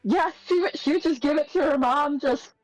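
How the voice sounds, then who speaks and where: A woman player in a tabletop game, excitable and gushing, laughing often. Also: sits high, normal speed, no room sound, faint music behind. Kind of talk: tabletop role-play chat.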